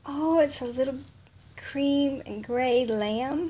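A middle-aged woman, chatting softly and gushing, often in a whisper, while opening a gift box at home. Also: sits high, takes it slowly, slight background noise. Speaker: vlogger. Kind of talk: casual unboxing chat. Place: home, indoors.

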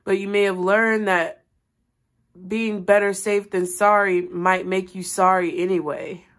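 A woman's voice: medium pitch, level tone, measured pace, fairly bright tone. A woman giving a tarot reading, talking earnestly and directly to her viewers in a rambling, spiritual way. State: crying, voice rising and breaking. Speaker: tarot reader.

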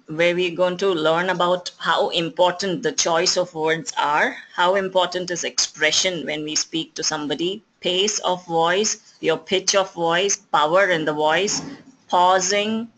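A communication skills trainer with an Indian English accent, lecturing at an even pace and often pausing on fillers and restarts. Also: medium pitch, rough recording. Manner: explanatory, with frequent fillers and restarts.

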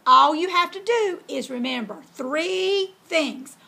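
A woman's voice: high voice, animated, slow, gravelly, bright, forceful tone, voice pushed up, exaggerated voice. A woman voicing a caring but firm mother pig who counts out instructions to her son in a storybook tale. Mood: instructing.

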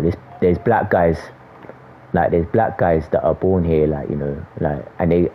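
A man's voice: sits low, lo-fi sound, slight background noise. A young man from London with a London accent, trash-talking aggressively and swearing on a game voice chat. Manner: aggressive, swearing, repeats "you know what I'm saying". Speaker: gamer on voice chat. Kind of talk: heated trash talk over game chat.

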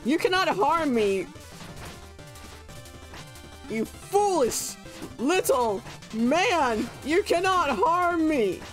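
A gloating villain boss cackles and taunts in a raised, theatrical voice, put on by a young man streaming a game. The laugh is loud and showy, and the taunts come slow and drawn out. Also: very high voice, expressive, soft background music, pitched above the performer's own voice, full character voice.

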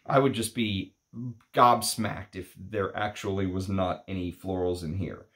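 A man's voice: deep voice, steady tone, a little slow, a bit bright. A man talking through a fragrance review in a casual, rambling way with lots of fillers and asides. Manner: rambling, chatty, many fillers.

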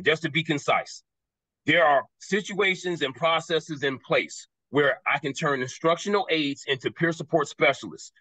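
A man speaking as a panelist on a video call, passionate and quick, repeating words for emphasis. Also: on the high side, sharp tone, no echo, rough recording.

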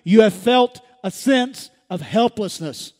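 A man preaching a sermon as pastor, calling out to the congregation and rising to shouts. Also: high voice, animated, takes it slowly. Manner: calls to the congregation, builds to shouts. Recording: church hall with long reverb.

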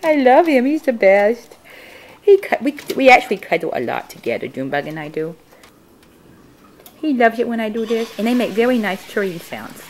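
A woman's voice: very animated, normal speed, a little mellow. Woman cooing at pets in swooping tones. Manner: cooing baby talk to her pets, with big jumps in pitch. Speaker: guinea pig owner showing her pets. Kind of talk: casual home video tour. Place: indoors at home.

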